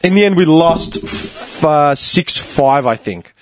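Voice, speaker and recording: A man's voice: on the high side, animated, slow pace. A man, telling a profane, laugh-filled story in casual chat. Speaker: storyteller among friends.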